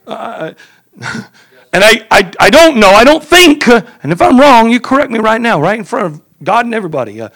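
A man delivering a sermon in a high, lively voice. His tone is bright and forceful, and he leaps between shouted appeals and hushed asides. He stumbles and repeats words as he presses his point. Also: normal speed, rough recording. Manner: fervent, repetitive, swings from shouting to quiet. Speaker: preacher.

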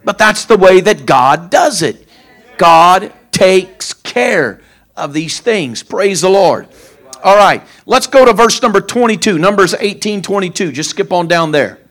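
A man's voice: high voice, expressive, a little slow, a bit bright. A middle-aged man preaching a sermon as pastor, telling homespun stories with a folksy, repetitive manner and informal grammar. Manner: folksy storytelling, repeats phrases.

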